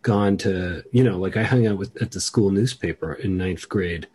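A man hosting a podcast in a casual, rambling chat, keeping his voice down and trailing off quietly. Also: sits low, normal speed. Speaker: podcast host. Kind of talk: casual conversation.

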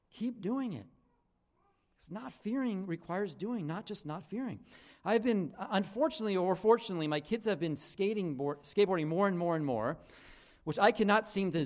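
A middle-aged man preaching a conversational sermon as pastor, with frequent restarts and "right?" asides. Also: a little high.

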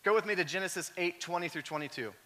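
A male pastor preaching a sermon in a conversational way, full of "like" fillers, moving from quiet storytelling up to shouting. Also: high-pitched, quick pace.

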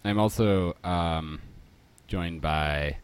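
A man with a Philadelphia accent hosts a casual podcast, speaking in a very low voice. He rambles, jokes, and restarts his sentences as he goes. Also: very slow, clean tone. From Northeastern Philadelphia. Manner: rambling, self-correcting, jokey. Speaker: podcast host. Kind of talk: casual chat.

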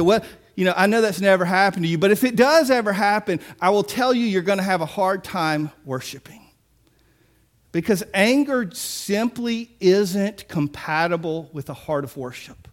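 A man preaching a sermon in a conversational way, acting out the people he describes. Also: sits high. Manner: conversational preaching with mock-quoted voices and asides. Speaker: pastor.

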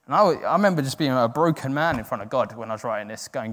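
A man's voice: medium pitch, lively intonation, fast, hardly any pauses, fairly bright tone. Man preaching in a reverberant hall. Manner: earnest, self-deprecating, acts out inner voices. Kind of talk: sermon.

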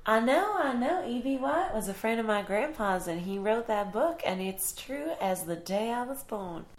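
A woman's voice: moderate pace, close to an everyday voice. A woman voicing a chirpy, folksy grown-up woman farmer who talks in an eager, breezy way. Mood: cheery. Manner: high excited squeals, breezy small-town talk.

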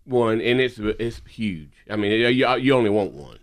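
A man's voice: lowish voice, lively intonation, moderate pace. A man hosting a podcast, chatting casually and telling folksy stories with lots of laughter. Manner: folksy storyteller, laughs a lot. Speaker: podcast host.

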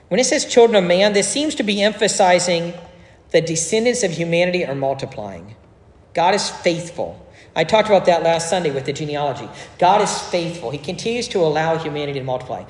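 A pastor delivering a sermon, explaining scripture in a conversational way with joking asides. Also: medium pitch. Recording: echoey hall with long reverb.

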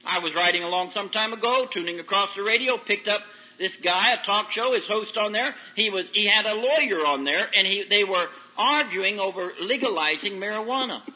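A man preaching a folksy sermon to young people, telling stories and rising to loud emphatic peaks. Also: high-pitched, normal speed, hardly any pauses, low-quality recording. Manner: folksy, animated storytelling with sudden loud rises. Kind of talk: sermon to a youth service. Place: camp meeting service. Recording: old 1990s radio broadcast recording.

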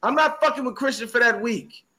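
A man with a high, bright, ringing voice riffs through a loose sports podcast. He tells stories with big energy and swears constantly. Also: a little fast. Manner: animated storytelling with heavy cursing. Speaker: podcast co-host. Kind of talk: casual profane sports chat.

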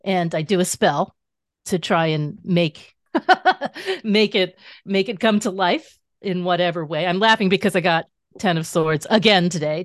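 A woman guest author talking through her practice in a casual interview, animated and explanatory, laughing easily. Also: fairly low pitch, no echo, studio quality. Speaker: guest author and tarot teacher.

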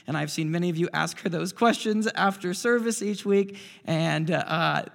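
A man in his thirties preaching a sermon as pastor, an animated storyteller who swings from loud bursts to quiet asides. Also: high voice, normal speed, creaky. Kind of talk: sermon with personal stories. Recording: preacher's voice ringing in a large reverberant hall.

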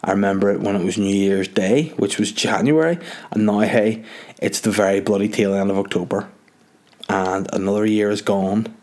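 Man, Northern Irish accent, lowish voice, casual rambling podcast chat, jokey. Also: fairly even intonation, normal speed, a little mellow. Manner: rambling, jokey, self-mocking. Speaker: podcast host.

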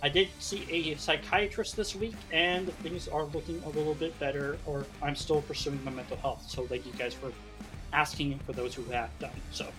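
An animated man chatting on a podcast and telling a story with lots of energy. He acts out his own lines as he goes, and there is faint music behind him. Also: on the high side, normal speed. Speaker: podcast co-host and modder. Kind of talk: casual podcast chat.

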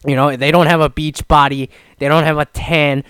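A man's voice: little pitch movement, moderate pace, clear, resonant tone, no room sound. A man from Canada casually telling a rambling story, swearing often and restarting his sentences, with many fillers. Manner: mimics others in higher, louder voices.

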